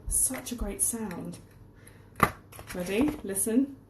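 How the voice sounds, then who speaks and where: Woman teacher, chatty cooking-lesson delivery, mid pitch, roomy kitchen sound with audible clatter. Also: slow pace, very noisy. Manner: chatty, explains word meanings as she works. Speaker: English teacher. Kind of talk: casual cooking demonstration lesson. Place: home kitchen.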